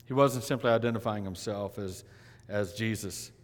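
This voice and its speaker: A male pastor delivering a sermon, swinging between loud emphatic lines and hushed, quiet ones. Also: fairly low pitch, moderate pace. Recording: long hall reverb.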